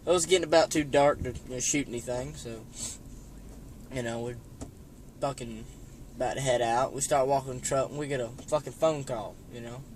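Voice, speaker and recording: A man's voice: medium pitch, brisk, a little mellow, a little hiss or hum. Rambling, foul-mouthed man. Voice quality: rambling, heavy swearing, constant "you know". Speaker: storyteller vlogger. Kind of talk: casual storytelling.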